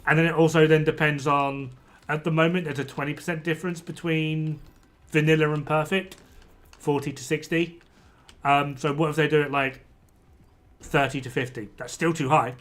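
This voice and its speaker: A man's voice: a little high, level tone, normal speed, fairly bright tone. A man streaming a game, ranting in exasperation and swearing freely as he talks to his chat. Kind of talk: casual gameplay commentary to chat.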